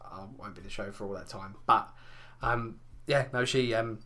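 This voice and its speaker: A man's voice: lowish voice, moderate pace, sharp tone. Young guy on a podcast, swears a lot, rambles through stories, full of ums. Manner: crude, rambling storyteller with lots of fillers. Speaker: podcast co-host. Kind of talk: casual chat.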